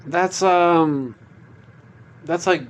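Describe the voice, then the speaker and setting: A man's voice: sits high, drawn-out words, clear, resonant tone. A man who is a guest on a podcast, chatting casually about movies with brief, laid-back replies.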